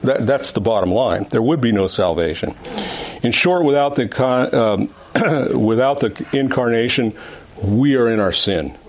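A man's voice: mid-range voice, unhurried. A man teaching an adult Sunday school class, reading scripture and explaining it with emphatic repetition and frequent restarts. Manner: emphatic, repeats words and restarts often. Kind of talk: Bible teaching.

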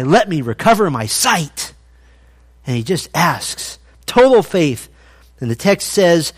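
A man preaching from the pulpit. His voice sits a little high for a man. He tells his story with animation, acting out the voices he quotes. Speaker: pastor. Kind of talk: sermon.

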